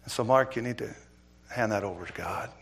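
Middle-aged male preacher, former cop, dramatic storyteller with loud-to-hushed delivery. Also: lowish voice, a little fast, gravelly, a little hiss or hum. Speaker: preacher, former police officer. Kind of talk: sermon with personal story.

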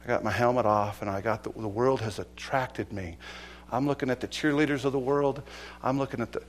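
A middle-aged male pastor preaching a sermon, swinging from loud exhortation to hushed, earnest appeals. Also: medium pitch, brisk, slight background noise.

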